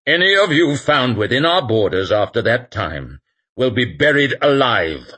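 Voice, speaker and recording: A man's voice: mid-range voice, big pitch swings, a little slow, bright, forceful tone, breathy edge, pitched above the performer's own voice, full character voice. A man voicing a haughty, imperious male legate who speaks curtly. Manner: curt, imperious.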